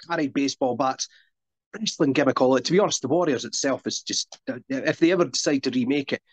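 A middle-pitched Scottish man in his forties recounts stories in a loose, rambling podcast chat and keeps restarting his sentences. The audio is muffled and lo-fi, with a dry sound and no room echo. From Scotland. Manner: rambling anecdotal storyteller with many restarts. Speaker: wrestler guest. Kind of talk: casual podcast interview storytelling.

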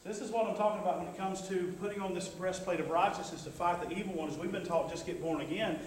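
A man's voice: high voice, fairly even intonation, fast talker, recorded from a distance, a little hiss or hum. A man preaching a sermon as pastor, talking in a conversational way with call-and-response asides to the congregation. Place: church sanctuary. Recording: echoey church hall, mic from afar.

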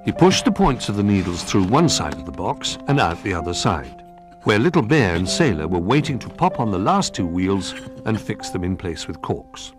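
A man narrating a children's storybook in an expressive, lilting way. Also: deep voice, moderate pace, music in the background.

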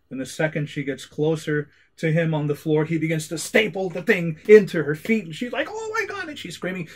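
A man telling a ghost story aloud in a dramatic way, dropping to a hush and then bursting into loud exclamations. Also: fairly high pitch. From Hawaii. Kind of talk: animated spoken storytelling.

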